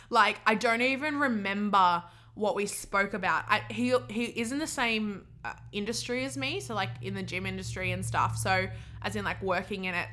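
A woman's voice: medium pitch, pushed and bright. A young woman, hosting a podcast and telling stories in a rambling, giggly way full of "like". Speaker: podcast host. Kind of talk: casual storytelling monologue.

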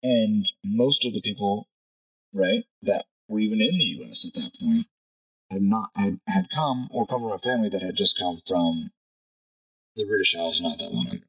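A man's voice: fairly low pitch, animated, moderate pace, fairly bright tone, slightly rough, rough recording. A man talking casually through his views in a rambling monologue, thinking aloud and checking in with "right?" as he goes. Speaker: podcast host.

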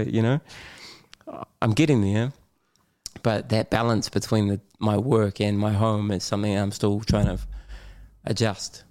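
This middle-aged New Zealander speaks at a moderate pace in a fairly low voice. He's a podcast guest talking candidly, an animated storyteller who laughs often, swears casually, and acts out his own lines.

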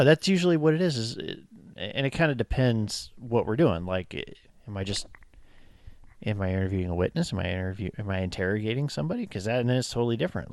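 A man's voice: fairly low pitch, dry recording, clean studio sound. A man in his thirties, a police officer co-hosting a podcast, chatting casually and acting out quotes. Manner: animated storyteller, acts out quotes.

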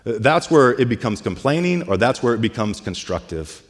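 A pastor preaches a sermon, retelling scripture loosely and conversationally, peppered with "like" and "hey." His mid-range voice swings widely in pitch at a normal pace. The long reverb of a large hall fills the recording.

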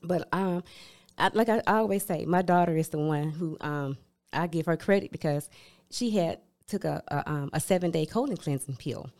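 Low-voiced woman telling her story. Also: moderate pace, a little mellow. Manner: candid, upbeat storytelling with many fillers. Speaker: guest, cancer survivor. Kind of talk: casual interview chat.

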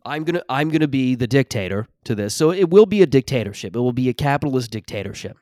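A man's voice: medium pitch, animated, fast, few pauses, a little mellow, no echo. Man in his thirties, podcast host, rambling comic rant, profane, dry close sound. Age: 30s. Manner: rambling, profane, self-interrupting. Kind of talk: comedic solo rant.

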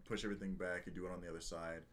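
A man's voice: low voice, level tone, very fast, fairly bright tone, a little hiss or hum. A young man co-hosting a podcast, telling a long work story in casual chat and swearing freely. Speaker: podcast co-host.

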